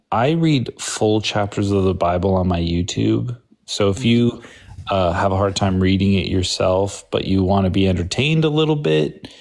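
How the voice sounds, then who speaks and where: A man's voice: lowish voice, a little mellow. A man co-hosting a casual live podcast chat, talking in a chatty way with many fillers. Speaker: podcast co-host and Bible reader.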